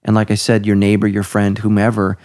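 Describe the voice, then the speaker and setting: A man's voice: on the low side, monotone, fairly quick, a little mellow. A middle-aged man, a pastor hosting a podcast, talking casually and emphatically, his voice jumping up to stress points.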